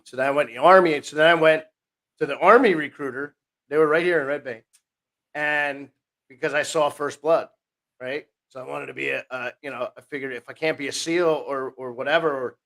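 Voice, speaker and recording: A man, a podcast guest telling his life story in a rambling, self-interrupting way. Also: medium pitch. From New Jersey, USA. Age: 50s. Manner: rambling, self-interrupting, animated retelling with quoted voices.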